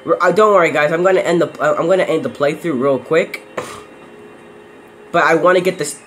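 A young man talks through a horror game in a casual, rambling way, breaking into yelps when something jumps at him. His voice sits high and sounds bright. A faint hiss runs under the recording. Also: a little fast. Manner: jumpy, yelps and shouts when startled. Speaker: gameplay commentator. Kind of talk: casual let's-play commentary.

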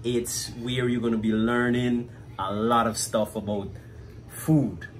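A man's voice: medium pitch, level tone, slow, a little hiss or hum. A man with a Guyanese accent, chatting casually through a cooking demonstration as a cafe owner and often tagging his sentences with "right?".

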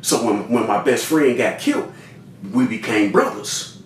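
A man telling a story in an animated way, addressing his listeners directly and acting out other people's lines. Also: a little slow. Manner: talks straight to listeners, repeats cues to remember; acts out other people's lines with big pitch jumps. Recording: roomy sound from a distant mic with faint noise.

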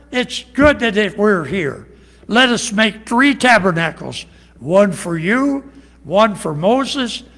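A pastor preaching an evening sermon, quoting scripture in animated, rising bursts. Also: male voice, high voice, big-room sound.

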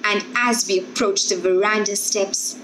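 A woman's voice: medium pitch, steady tone, measured pace, fairly bright tone, a little hiss or hum, rough recording. A woman reading a story aloud for children, carefully and expressively. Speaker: story reader.

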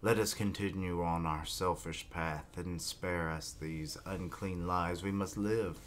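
A man voicing a pious summoner who murmurs prayers for his sins. The delivery stays deep and slow, solemn rather than showy. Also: steady tone, a little hiss or hum. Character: pious male dragon summoner praying, solemn.

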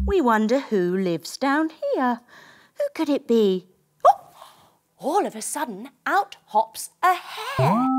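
A woman leading a children's yoga class through a story, giving encouraging instructions and making playful sound effects. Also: on the high side.

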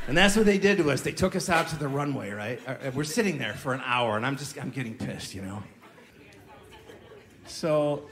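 A man performing a stand-up comedy set, telling a story with punchy delivery and mocking voices, recorded live in a comedy club. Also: a little high. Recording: live club recording with audience laughter and noise. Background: audience laughing.

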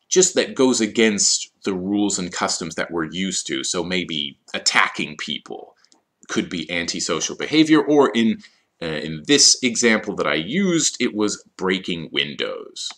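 Low-voiced guy explaining vocab slowly for esl learners, goes over words again. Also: a bit bright. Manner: slow, explanatory, repeats key words. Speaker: ESL teacher. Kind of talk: vocabulary lesson.

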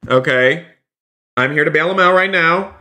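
A man live-streaming a roleplay game, excitedly narrating each move to his viewers and often repeating himself. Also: on the high side, moderate pace, background noise. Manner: repeats phrases, keeps saying "you guys".

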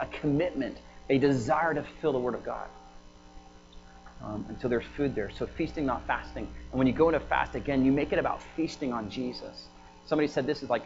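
A man's voice: medium pitch, gravelly, highs cut off. A man preaching a sermon in a conversational way, with laughing asides and fillers. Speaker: pastor. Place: church prayer house.

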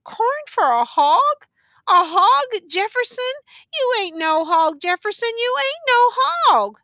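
Woman reading as Miss Emma, a high, tearful old woman. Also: expressive, sharp tone, no echo, muffled recording, exaggerated voice. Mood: pleading. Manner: slow, drawn-out pleading with rising high pitch. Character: grieving elderly woman, pleading and tearful.

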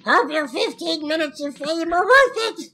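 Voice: very high voice, lively intonation, moderate pace, bright, forceful tone, voice pushed up, heavily acted. A player voicing a taunting, creepy game villain with a sneering, mocking delivery.

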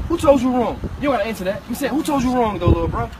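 A man's voice: very high voice, animated, rapid-fire, noisy background. A man on a city street urgently lecturing a group of teenagers in repetitive slang, recorded from a distance. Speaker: passerby addressing teenagers.

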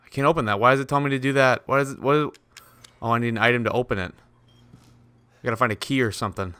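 Talking to himself through a horror game, a man swears and sounds jittery as he plays. This let's play gamer has a medium-pitched voice that's fast, pushed and bright, with a clear, resonant tone and no echo.

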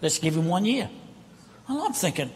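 With a high-sitting, very animated voice at a normal speed, a guest preacher delivers a sermon from the pulpit, impassioned and conversational, holding a handheld mic. The setting is a large church sanctuary, a reverberant hall with a congregation, and there's slight background noise.

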